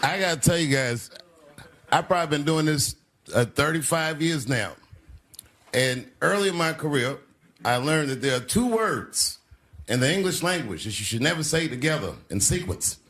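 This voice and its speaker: A man in his fifties telling stories in a stand-up comedy set, animated and acting out the people in them with big jumps in pitch, recorded live in a large theater. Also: moderate pace. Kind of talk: stand-up storytelling.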